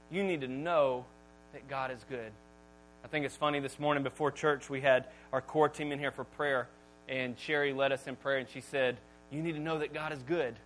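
A pastor in his thirties preaching a sermon, swinging from loud emphatic lines to quiet asides. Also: a little high, low-quality recording.

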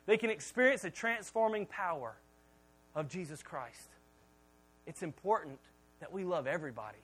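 Man, high-pitched, pastor, sermon, animated storytelling, humorous, repeats words. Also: normal speed, slightly rough, low-quality recording. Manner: repeats words when starting sentences.

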